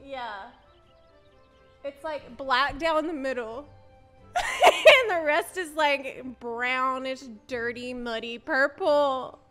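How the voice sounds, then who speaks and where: A high-pitched woman streamer chats through a story in a casual, animated way. She laughs often and acts out the lines people said to her, with faint music playing underneath. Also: slow pace.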